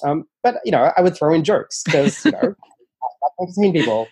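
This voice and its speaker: A man's voice: a little high, normal speed, breathy edge. A man being interviewed about his writing, telling stories casually and animatedly, with lots of fillers and playful quoted dialogue. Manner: animated, often acts out quoted dialogue in a raised voice; chatty, many fillers and restarts. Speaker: interview guest, nonfiction author. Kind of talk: casual conversational storytelling.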